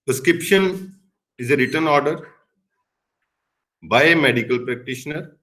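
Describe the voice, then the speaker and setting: This middle-aged man, a pharmacy professor with an Indian English accent, lectures at normal speed in a sharp, somewhat high voice. The recording is low quality, and he emphasizes key words, now and then switching into Hindi.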